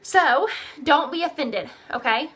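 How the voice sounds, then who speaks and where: A direct sales team leader, a young woman, coaches her team in an upbeat, repetitive style. She raises her voice to play the customers' replies. Her high voice is animated and fairly bright, and she speaks a little slowly.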